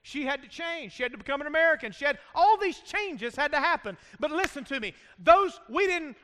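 A pastor preaches a sermon in a church sanctuary with an emphatic delivery, frequently calling out "amen" for the congregation to answer. His very high, sharp, sing-song voice moves fairly quickly with few pauses, and the hall is reverberant.

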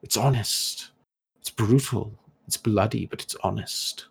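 A man voicing a scheming figure who speaks into a hero's mind, smug, patronizing and softly menacing. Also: on the low side, measured pace, gravelly, slightly rough, exaggerated voice.

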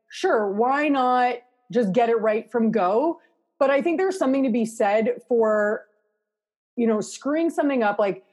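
A woman's voice: a little high, a little mellow. A woman with a Canadian accent, an interior designer talking casually and at length in an interview, with many fillers. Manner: chatty, rambling, lots of fillers.

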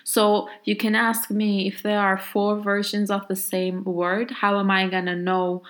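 A woman who grew up speaking Turkish gives a grammar lesson in English at an unhurried pace, her voice sitting in a middle range. She works through each example patiently and methodically. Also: medium pitch, little pitch movement. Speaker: Turkish language teacher.

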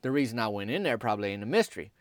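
A man's voice: lowish voice, animated, racing, dry recording. A young man telling a rambling, folksy story in a comedic character monologue.

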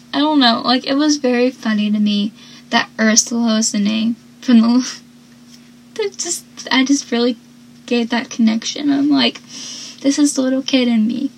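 A woman's voice: fairly high pitch, low-quality recording. A young woman casually recapping a TV episode, chatty and rambling, often correcting herself mid-sentence.

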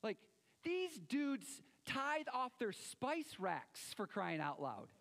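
A man preaching a sermon, animated, acting out quoted voices and swinging between loud and soft. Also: very high voice, slow, vocal fry, big-room sound. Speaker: pastor.

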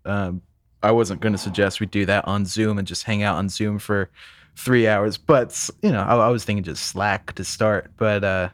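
A man's voice: fairly low pitch, fairly even intonation, moderate pace. A man co-hosting a podcast, talking casually and teasing his co-host with easy laughs.

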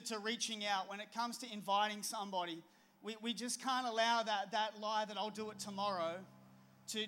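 A man's voice: high-pitched, pushed and bright. A middle-aged man, preaching a sermon with a conversational, storytelling manner. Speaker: pastor.

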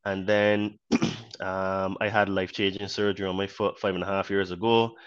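A man from Barbados with a mixed Caribbean and British accent, a podcast guest talking in an earnest, measured way. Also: on the low side, a bit bright, clean tone, lo-fi sound. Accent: Barbadian with British influence. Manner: earnest, measured, many you-knows. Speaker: podcast guest, fitness trainer. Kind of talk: casual interview talk.

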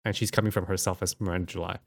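A man's voice: sits low, very fast. A man hosting a film podcast, talking casually with lots of fillers and frequent laughter. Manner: laughs often, filler-heavy, animated. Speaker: podcast host.

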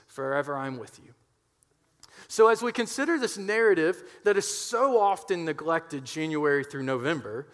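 A man's voice: high-pitched, a bit bright, long reverb tail. A man preaching a sermon to his church, emphatic and getting fired up, often checking in with "right?". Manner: gets fired up.

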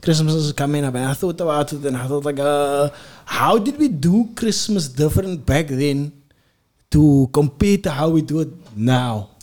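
A man's voice: fairly high pitch, normal speed, darkish tone. Laid-back man hosting. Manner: laid-back storytelling with slang and laughter. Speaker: podcast host. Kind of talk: casual chat.

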